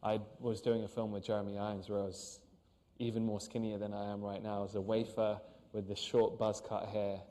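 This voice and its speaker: A man, an actor, talking earnestly and haltingly in an interview on stage, with many restarts. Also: fairly low pitch, flat delivery, dark tone, long reverb tail. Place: on a stage before an audience.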